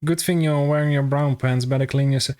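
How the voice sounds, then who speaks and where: A man's voice: medium pitch, steady tone, fairly quick, a little mellow. A young man with a Dutch accent chatting casually and jokingly with viewers on a live stream, swearing freely. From Netherlands.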